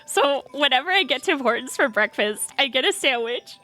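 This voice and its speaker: A woman streamer chatting casually and with animation, slipping into high baby talk with her pet bird. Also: lively intonation, moderate pace, bright, forceful tone, faint music behind.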